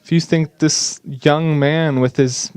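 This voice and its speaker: A man giving an earnest, slightly halting English voice-over interpretation of speakers at a conference. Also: fairly high pitch, fairly even intonation, a little mellow, clean tone, dry recording.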